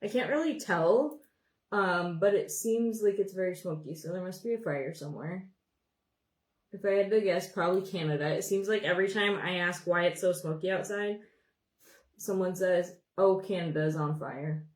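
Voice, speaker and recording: Doing her makeup on a livestream, a young woman from Montana, USA, chats casually, rambles and greets viewers by name. She has a fairly low pitch and a moderate pace, and the room is echoey.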